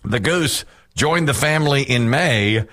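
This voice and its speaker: A man's voice: mid-range voice, unhurried. A man hosting a radio show, chatting casually and joking, often laughing. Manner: jokey, animated, laughs often. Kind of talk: casual chat.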